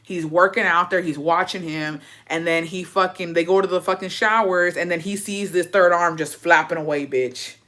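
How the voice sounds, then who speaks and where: A young woman sits down for a casual gossip recap, her voice a touch on the low side. She swears freely and slips into the characters' lines as she tells the story. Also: normal speed, hardly any pauses. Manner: profane, animated storytelling with put-on quotes. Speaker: vlogger.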